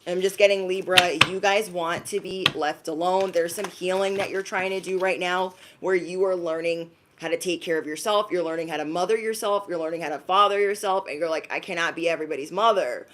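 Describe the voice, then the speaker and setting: A woman's voice: fairly low pitch, fairly even intonation, a little fast, hardly any pauses, a little hiss or hum. A woman giving a live-streamed zodiac reading. She is chatty and slangy, talks straight to her viewers, and often acts out quoted voices. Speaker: intuitive card reader.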